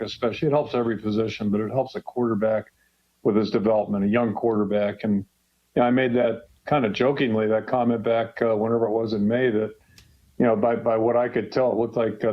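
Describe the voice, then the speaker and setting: A man in his sixties, a head football coach from Western Pennsylvania, chatting casually on a radio show with a rambling, folksy manner full of fillers. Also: medium pitch. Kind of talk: casual radio call-in chat. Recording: dull lo-fi radio broadcast sound.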